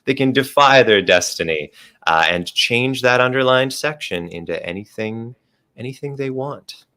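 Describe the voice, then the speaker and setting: A man's voice: mid-range voice, expressive, moderate pace, pushed and bright, smooth. A man casually explaining tabletop game rules on a livestream, step by step and with restarts.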